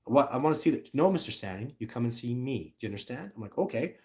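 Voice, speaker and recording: A man's voice: mid-range voice, animated, fast, dark tone. A middle-aged man, telling a story on a livestream in a blunt, ranting way. He acts out other people's lines in mocking voices. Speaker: livestream host.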